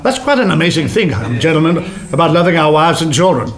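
A man preaching a sermon to a congregation, with animated delivery that slows down for emphasis. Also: fairly high pitch. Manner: animated, varied delivery with slowed emphatic phrases. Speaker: pastor.

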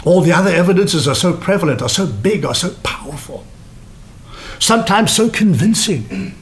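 A man preaching a sermon to a congregation, with animated delivery that slows down for emphasis. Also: high-pitched. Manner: animated, varied delivery with slowed emphatic phrases. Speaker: pastor.

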